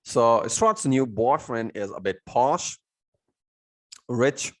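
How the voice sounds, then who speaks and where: A man's voice: medium pitch, lively intonation, slow pace. A man who teaches a lesson. He asks "means what?" and then answers himself, and he fills gaps with "you know". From India. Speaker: English teacher. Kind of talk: recorded lesson explaining vocabulary.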